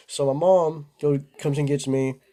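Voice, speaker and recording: A man's voice: fairly high pitch, fairly even intonation, unhurried, mellow. A young man casually telling a rambling story to the camera, full of filler words and slang. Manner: rambling, laid-back, lots of "bro" and "like". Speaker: vlogger.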